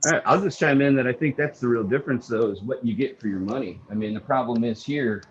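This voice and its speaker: An American entrepreneur joining a casual video-call chat, speaking earnestly and steadily. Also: male voice, mid-range voice, quick pace. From United States. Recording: lo-fi call audio with faint noise.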